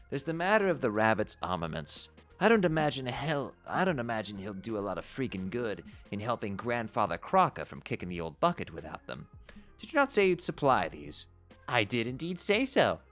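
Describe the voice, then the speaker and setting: A man's voice: medium pitch, very animated, moderate pace, a bit bright, soft background music. A man reading aloud as a grumbling, determined young adventurer in a put-on British accent.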